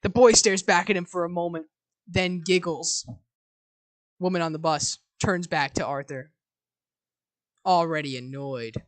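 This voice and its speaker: A woman live-streaming herself reading a film script aloud, switching from flat reading of scene directions to flustered asides to her chat. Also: fairly low pitch, unhurried, long pauses, poor audio.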